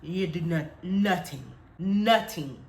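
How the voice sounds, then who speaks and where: A woman's voice: on the low side, slow pace, pitched below the performer's own voice. A woman putting on a fussing, protective mother. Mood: stern. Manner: fussing, repeating warnings, praying aloud. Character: anxious protective Caribbean mother. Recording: echoey room.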